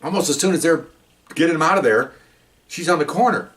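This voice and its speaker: Fast-talking older ex-cop storyteller. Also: male voice, a little high. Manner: rambling, animated, frequent restarts and asides. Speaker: retired police officer. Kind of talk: casual anecdotal storytelling.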